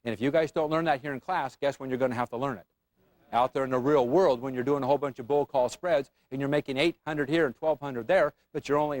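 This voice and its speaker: A man's voice: fairly high pitch, darkish tone, dry recording. A man teaching an options trading class, quizzing the room with frequent questions. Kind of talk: classroom lecture.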